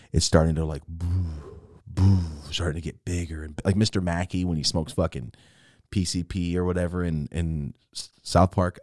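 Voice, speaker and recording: A man telling a wild personal story in a casual, profane, animated way, acting out what people said. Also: low voice, no echo, studio quality. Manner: animated, profane, acts out the quotes.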